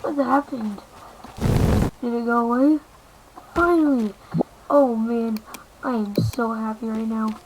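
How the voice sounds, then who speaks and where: A woman's voice: fairly high pitch, steady tone, slow, long pauses, background noise. A woman giving live commentary while playing a game, reacting aloud and talking to herself in alarm and relief. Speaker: gameplay commentator.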